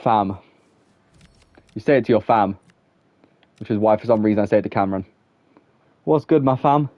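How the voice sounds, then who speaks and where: A man's voice: fairly low pitch, little pitch movement, fairly quick, dry recording, muffled recording. A young man streaming a game, chatting casually with viewers in a rambling way, filling his talk with "like" and breaking into laughter. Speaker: gaming streamer. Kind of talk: casual live-stream chat while playing.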